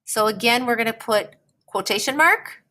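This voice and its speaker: A woman teacher explaining a writing lesson in a slow, patient way, often checking in with "okay?". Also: a little high, lively intonation, bright, forceful tone.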